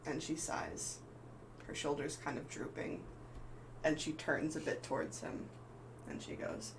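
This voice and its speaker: A man's voice: fairly high pitch, big pitch swings, measured pace, vocal fry, pauses often, background noise. Filler-heavy man narrating a tabletop game. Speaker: game master.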